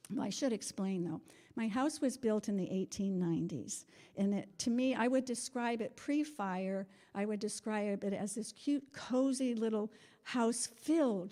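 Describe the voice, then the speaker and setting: A woman's voice: medium pitch, dark tone. A middle-aged woman giving an earnest, meandering personal testimony to a congregation in a spiritual center, laughing often.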